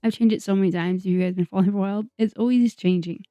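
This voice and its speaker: A woman's voice: mid-range voice, steady tone, very fast, dry recording. A young woman YouTuber chatting casually over a video, rambling and self-deprecating, with lots of fillers and laughs. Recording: dull, dry sound under soft music.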